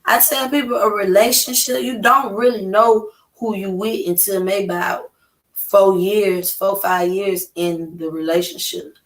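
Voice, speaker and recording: A woman's voice: medium pitch, steady tone, measured pace. Brash Atlanta woman, roomy sound. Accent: Atlanta Southern US. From Atlanta, USA. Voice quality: loud, profane, emphatic delivery. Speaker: podcast guest. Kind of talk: casual chat. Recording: roomy with faint noise.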